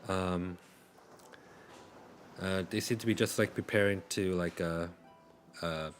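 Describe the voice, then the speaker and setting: Low-voiced man narrating as game master. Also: fairly even intonation, slow pace, faint music behind. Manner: hesitant, many fillers and restarts.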